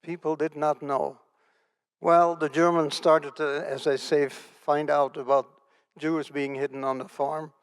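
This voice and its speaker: An older man recounts his memories in a smooth, clear voice pitched a little high for a man. He speaks earnestly and vividly, circling back on key phrases to drive them home. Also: flat delivery, a little slow. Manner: earnest, vivid storytelling with repetition for emphasis. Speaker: Holocaust survivor, keynote speaker. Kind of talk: personal testimony in an onstage interview.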